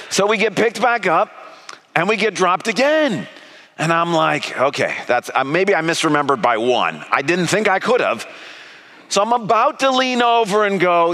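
A middle-aged man preaching, telling a personal story with animated, self-mocking delivery as he acts out his own panic. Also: high-pitched, normal speed. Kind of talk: sermon storytelling.

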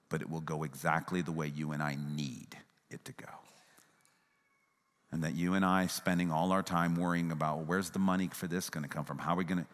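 A man preaching a sermon as pastor, swinging from raised, emphatic passages to hushed, tender ones. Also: lowish voice, in a large hall.

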